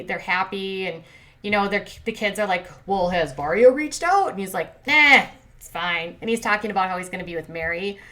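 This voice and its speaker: Woman host recapping reality tv, lots of likes and ums, sarcastic side comments, mid-pitch voice. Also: a bit bright. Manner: chatty, filler-heavy, sarcastic asides. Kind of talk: casual reality show recap.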